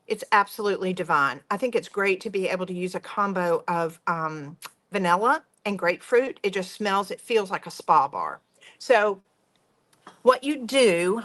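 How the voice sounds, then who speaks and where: A woman's voice: medium pitch, a bit bright. Woman hosting a live soap-making demo, bubbly and talkative. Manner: chatty, enthusiastic, gushing. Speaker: workshop host. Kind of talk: live product demonstration.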